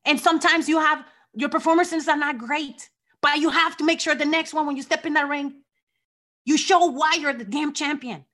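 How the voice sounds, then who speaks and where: A woman's voice: high-pitched, steady tone, normal speed, fairly bright tone. Passionate woman with a Mexican accent. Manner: passionate, fired up, repeats herself. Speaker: wrestling champion guest. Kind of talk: interview.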